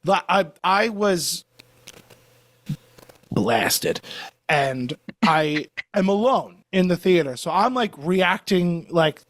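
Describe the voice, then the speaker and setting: A man's voice: high-pitched, expressive, slow, a bit bright, dry recording. A man on a video call, chatting as a podcast guest and telling a story with lots of laughter. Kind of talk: casual chat, animated storytelling.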